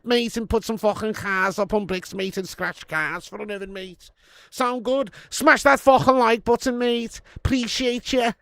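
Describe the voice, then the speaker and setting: A man's voice: extremely high pitch, creaky, fairly bright tone, no echo, voice pushed up, heavily acted. A man voicing a cheeky young Liverpool lad in a mock Liverpool accent, swearing and calling everyone "mate" as he pleads for likes.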